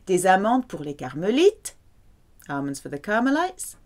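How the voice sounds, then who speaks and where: A French woman teaching vocabulary, pronouncing each word slowly and carefully. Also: medium pitch, very animated. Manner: slow, careful pronunciation drills. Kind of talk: vocabulary lesson.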